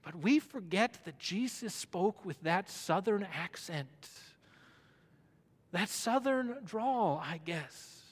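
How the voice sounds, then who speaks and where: A man preaching a sermon as pastor, building to loud emphatic runs. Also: high-pitched, lively intonation, takes it slowly, few pauses, slightly rough. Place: church sanctuary. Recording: long hall reverb.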